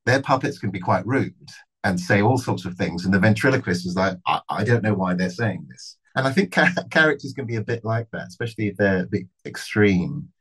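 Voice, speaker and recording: Middle-aged male actor, deep husky voice, thoughtful interview delivery with restarts. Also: lively intonation, a bit bright, poor audio. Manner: thoughtful, measured, with frequent restarts and fillers. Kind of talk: reflective interview answers.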